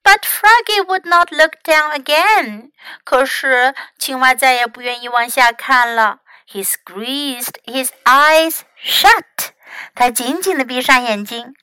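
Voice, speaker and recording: A woman English teacher reads a children's story aloud, slow and gentle. Her voice is high and bright. The recording is close and dry. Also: smooth, dry recording, poor audio. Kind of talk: bilingual storybook reading for children.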